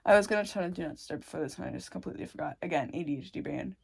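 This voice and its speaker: Young woman, casual storytelling, creaky fry in the voice, swears a lot, rambling, self-interrupting, dry dark humor. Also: lowish voice, expressive, very fast, hardly any pauses, slight background noise. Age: young adult.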